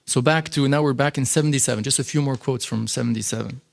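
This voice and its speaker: This man's gravelly, mid-range voice moves quickly as he teaches scripture in a temple. His lecture is animated and conversational, sprinkled with many fillers.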